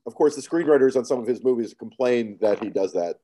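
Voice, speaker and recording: A man's voice: medium pitch, lively intonation, brisk, dark tone, slight background noise. A man hosting a conversational interview in a jokey manner, laughing easily as he asks questions. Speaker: interviewer, podcast host.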